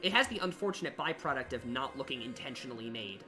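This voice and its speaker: Speaking quickly with a sharp, expressive, medium-pitched voice, this young man is a university student working as a streamer and level designer. He chats casually while he works, grumbling at himself about how it's going, over background music and typing.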